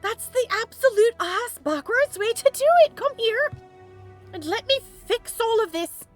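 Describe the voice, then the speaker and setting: A woman doing an impression of a fussy young female elf mage with a put-on Welsh-Irish lilt, high and bossy. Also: expressive, unhurried, faint music behind. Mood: scolding.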